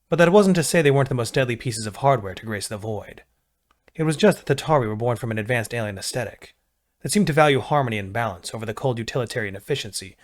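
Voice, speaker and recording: A man narrating a military science fiction story in a measured, steady read. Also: mid-range voice. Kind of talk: scripted sci-fi narration.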